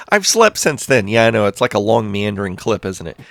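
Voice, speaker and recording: A man's voice: on the low side, very animated, normal speed, fairly bright tone, no echo. A man giving casual, rambling commentary over his own game, thinking aloud as he plays. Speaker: Minecraft let's play host.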